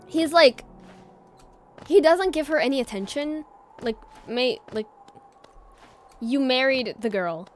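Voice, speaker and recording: High, lively, bright-voiced woman streamer. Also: slow, pauses often. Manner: chatty, easily startled, bursts into shrieks. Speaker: game streamer. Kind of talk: live gameplay commentary. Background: faint game music.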